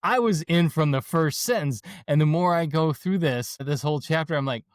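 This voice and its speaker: A man's voice: on the high side, animated, fairly quick, few pauses, no echo, studio quality. A man hosting a podcast, talking to his guest in a chatty, enthusiastic way and addressing listeners as folks. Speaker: podcast host. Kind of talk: casual interview chat.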